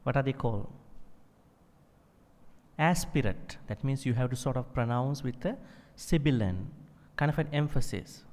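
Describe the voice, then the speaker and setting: Male monk, mid-pitched, patient classroom explainer, long hall reverb. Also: animated, normal speed, darkish tone. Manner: explains patiently, fillers, demonstrates chanting. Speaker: Buddhist monk teaching Pali. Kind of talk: classroom teaching.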